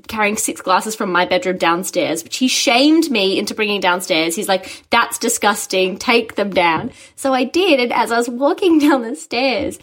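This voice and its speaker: A young woman, a guest chatting casually in an interview, telling stories in an animated way with frequent laughter. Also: fairly high pitch. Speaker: guest, musical writer.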